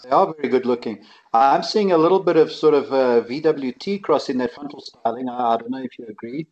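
A man co-hosting a casual radio chat, relaxed and chatty. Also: medium pitch, fairly quick, highs cut off. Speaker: co-host.

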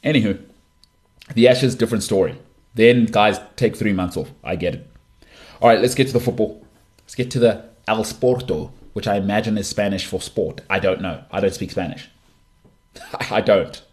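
A man's voice: on the low side, normal speed, darkish tone. A middle-aged man hosting a solo sports podcast, talking in an opinionated, emphatic way with frequent restarts. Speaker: podcast host.

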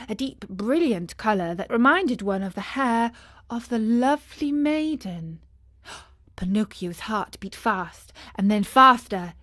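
A woman narrating a children's classic as an audiobook, calm and measured. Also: a little high, no echo, clean studio sound.

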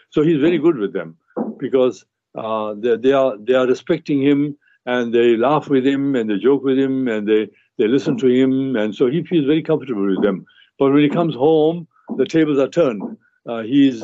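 A man with a mellow, darkish voice talks through his advice as a doctor on a radio show. He explains earnestly, often restarting his sentences and filling pauses. The sound is dry and slightly muffled, like a radio broadcast. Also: mid-range voice, no room sound. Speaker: guest family physician.

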